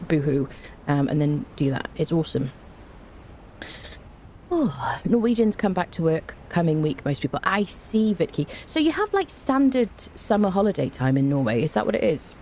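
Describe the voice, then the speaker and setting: Low, mellow woman game streamer, chatty, greets chat warmly and laughs a lot. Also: slight background noise. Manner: chatty, greets viewers by name, laughs often. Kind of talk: casual livestream chat.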